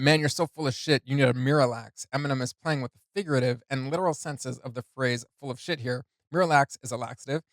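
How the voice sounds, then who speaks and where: A man's voice: medium pitch, no echo, studio quality. A man hosting a reaction video, explaining rap lyrics in a loose, casual way with frequent chuckles and many "uh"s and "um"s.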